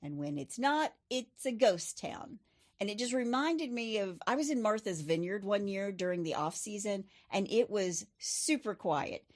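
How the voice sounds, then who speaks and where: A woman's voice: mid-range voice, lively intonation, normal speed. A middle-aged woman hosting a true crime podcast, telling the case in a chatty way with personal asides. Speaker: podcast host. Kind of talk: true crime storytelling chat.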